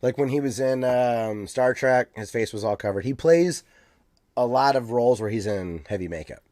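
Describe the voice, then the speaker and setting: A man's voice: mid-range voice, moderate pace, a little mellow, dry recording, studio quality. Hesitant mid-voiced man, podcast co-host. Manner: hesitant, restarts often, then gets enthusiastic. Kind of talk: casual chat.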